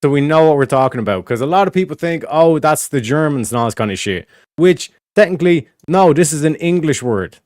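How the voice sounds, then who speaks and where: A man's voice: on the high side, lively intonation, fairly quick, a little mellow, dry recording, clean studio sound. A man streaming, explaining in casual, rambling talk that is full of swearing and repeated asides. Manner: rambling, profane, repeats "do you know what I mean".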